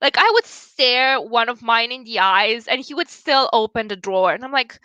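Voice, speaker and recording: A woman's voice: a little high, normal speed, hardly any pauses, sharp tone, smooth, dry recording, lo-fi sound. A young woman chatting casually with viewers on a livestream, giggling often as she reads and answers comments. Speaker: livestream host.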